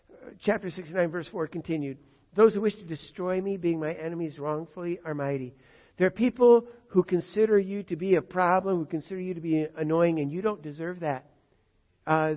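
Man preaching from scripture, lo-fi sound. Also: fairly high pitch. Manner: reads scripture verses and paraphrases them in plain words, with rhetorical questions. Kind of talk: sermon.

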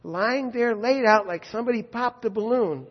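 A man's voice: extremely high pitch, moderate pace, husky. A man preacher retelling a scripture story in a conversational sermon, with vivid asides and rhetorical questions. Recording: dull lo-fi echoey hall.

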